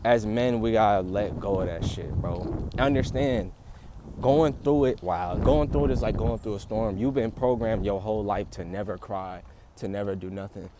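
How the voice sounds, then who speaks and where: A young man livestreaming outdoors, talking in a casual, rambling, profane and animated way, often laughing. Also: on the low side, normal speed, background noise. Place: outdoors in a city.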